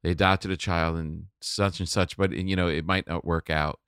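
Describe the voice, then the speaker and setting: A middle-aged man, a comedian guest on a podcast, chatty and rambling and quick to laugh. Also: sits low, fairly even intonation, fairly bright tone, clear, resonant tone, dry recording, clean studio sound. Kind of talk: casual podcast conversation.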